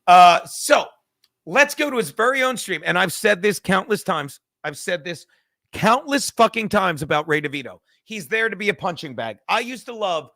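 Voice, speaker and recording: A man's voice: high voice, very animated, moderate pace, gravelly, pushed and bright. A young man hosting a casual podcast, rambling and swearing constantly while fiddling with his laptop and a cigar. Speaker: show host. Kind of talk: casual profane podcast rant.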